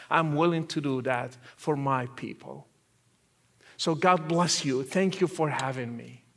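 A man giving an earnest testimony as a guest speaker, repeating phrases and at times dropping to a quiet, soft voice. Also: a little high. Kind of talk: testimony sermon.

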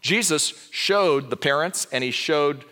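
A man's voice: a little high, slow pace. A man in his sixties from Southern California, preaching a sermon full of personal stories and acted-out dialogue. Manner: lively storyteller, acts out dialogue.

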